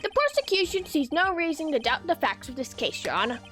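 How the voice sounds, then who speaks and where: A woman's voice: high voice, big pitch swings, brisk, a bit bright, soft background music, pitched above the performer's own voice. A woman voicing a haughty male prosecutor in a put-on British accent, formal and drawn out. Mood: smug.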